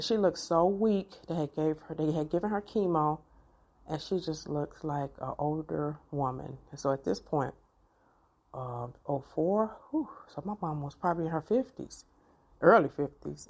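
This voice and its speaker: A middle-aged woman, telling a personal story to her viewers in an animated, expressive way. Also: low voice. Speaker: vlogger.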